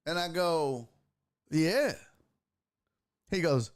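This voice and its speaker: A man's voice: on the high side, unhurried. A man hosting a sports podcast, telling a story casually and acting out the people in it, with lots of swearing. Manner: animated, profane, acts out voices in his anecdotes.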